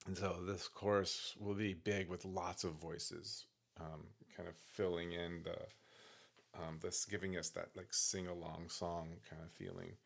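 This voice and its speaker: A man working through takes of his own song on a studio microphone, talking himself through each attempt in soft, self-critical asides. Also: low voice, flat delivery, a little slow, vocal fry. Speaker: singer-songwriter teaching vocal practice. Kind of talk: casual talk-through of his own practice session. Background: guitar playing.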